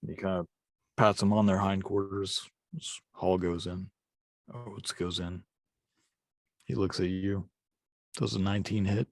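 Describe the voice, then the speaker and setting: Deep-voiced game master. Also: male voice, level tone, unhurried, pauses often, no echo, clean studio sound. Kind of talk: narrating a tabletop game.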